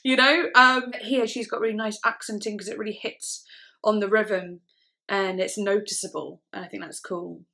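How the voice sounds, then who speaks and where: A woman's voice: medium pitch, steady tone, normal speed, gravelly, sharp tone. A woman hosting a music reaction video, chatting casually and enthusiastically, often saying "like" as she explains singing technique. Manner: enthusiastic, many "like" fillers, breaks down singing technique. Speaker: music reaction channel host. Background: faint music playing.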